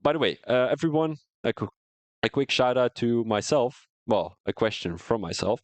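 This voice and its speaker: A man's voice: mid-range voice, expressive, moderate pace, dry recording. A man commentating a sim racing league, chatting casually at the end of a live stream on a headset mic and answering viewers' comments as he goes. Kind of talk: casual post-race live-stream chat.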